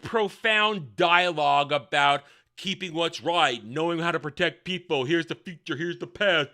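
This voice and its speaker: A man giving a sarcastic, rambling review of a show, swinging between loud outbursts and mumbled asides. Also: fairly high pitch, measured pace. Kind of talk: casual ranting review.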